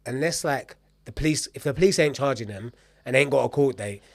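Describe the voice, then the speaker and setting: A man's voice: medium pitch, fast talker, gravelly. A man telling his story in a casual podcast interview, laid-back and letting his voice drop away. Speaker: podcast guest.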